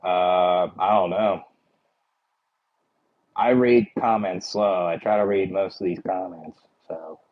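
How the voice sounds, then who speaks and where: A man's voice: sits low, steady tone, takes it slowly, pauses often, narrow, tinny audio. A man with a Philadelphia accent chatting casually with his livestream viewers, rambling and full of "like" and "you know".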